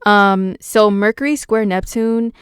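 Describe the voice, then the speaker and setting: A playful, chatty woman with a West Coast American accent, hosting a loose horoscope talk full of slangy asides. Her voice is smooth and crisp. The sound is dry and close, with no room around it. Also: mid-range voice, fairly even intonation, unhurried, no room sound. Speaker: astrologer, channel host. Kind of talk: casual horoscope talk to viewers.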